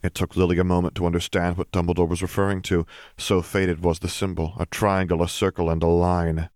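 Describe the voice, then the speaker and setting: A man narrating a fantasy story in a steady, even reading. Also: low-pitched, a little fast, dry recording, studio quality. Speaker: audiobook narrator. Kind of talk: fan fiction audiobook reading.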